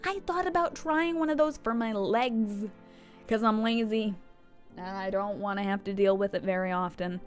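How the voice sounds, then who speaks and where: A woman's voice: medium pitch, normal speed, faint music behind. A woman streaming a game, joking casually and reading game text aloud. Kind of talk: casual gameplay commentary.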